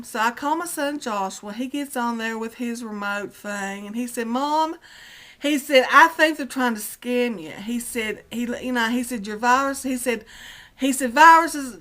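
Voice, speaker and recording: A woman's voice: on the high side, fairly bright tone. Indignant woman ranting about tech support. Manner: indignant, retelling dialogue with many "I said". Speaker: vlogger. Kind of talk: angry personal rant.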